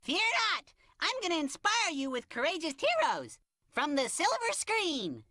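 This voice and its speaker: A goofy cartoon cucumber, excitable and hammy. His voice sits high and bright, leaping wildly up and down. He is always eager and a little silly. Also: a little slow, dry recording, heavily acted. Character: goofy cheerful male cucumber sidekick. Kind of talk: animated cartoon acting.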